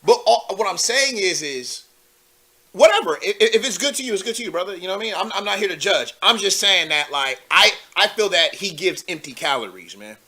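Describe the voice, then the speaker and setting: A man's voice: sits high, expressive, a little fast, pushed and bright. A young man hosting a live call-in show, commenting loosely with lots of fillers and asides to viewers. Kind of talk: casual political commentary.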